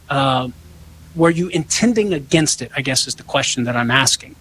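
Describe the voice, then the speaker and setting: A man's voice: a little high, brisk, a bit bright, slight background noise, poor audio. Chatty man answering callers. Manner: conversational, acts out quoted dialogue. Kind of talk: casual call-in radio talk.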